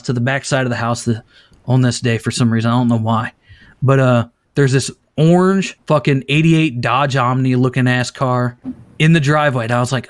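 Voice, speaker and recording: A male podcast host in casual chat, swearing freely and telling a lively story. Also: medium pitch, dry recording, studio quality. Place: at a desk, showing pictures to a guest.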